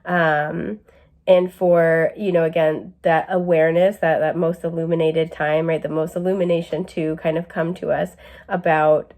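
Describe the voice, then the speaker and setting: A woman's voice: sits low, little pitch movement, moderate pace, darkish tone. A young woman giving a casual tarot and astrology reading, chatty with lots of fillers and an occasional cough. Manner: chatty, many fillers, asides to camera. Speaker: tarot reader.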